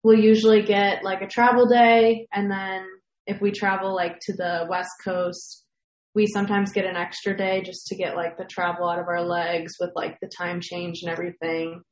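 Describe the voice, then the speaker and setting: A woman's voice: medium pitch, little pitch movement, moderate pace, dull audio, slight background noise. A young woman, an athlete, chatting casually in an interview, with lots of fillers and easy laughter. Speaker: athlete guest. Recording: echoey room.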